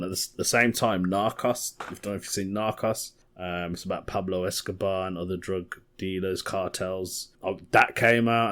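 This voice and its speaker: A young man hosting a casual comedy podcast, rambling through stories and chuckling as he goes. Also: sits low.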